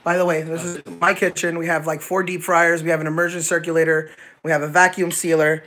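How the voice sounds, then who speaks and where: A man hosting a live cooking stream from his home kitchen, talking excitedly and joking about himself. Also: fairly high pitch, fairly quick. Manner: excitable, joking, self-deprecating. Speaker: cooking show host. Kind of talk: casual live-stream chat.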